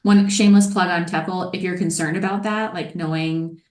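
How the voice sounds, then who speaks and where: Woman host, very low voice, roomy echo, upbeat advisor tone. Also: fairly even intonation, moderate pace, darkish tone. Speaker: webinar host, program advisor. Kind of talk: webinar hosting. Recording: echoey room.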